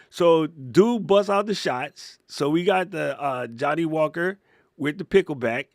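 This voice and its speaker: On a live podcast, this Hawaiian man shares laid-back anecdotes as co-host, doing the voices of the characters with lots of animation. He sounds a little high and creaky at a moderate pace, recorded at studio quality without any room sound.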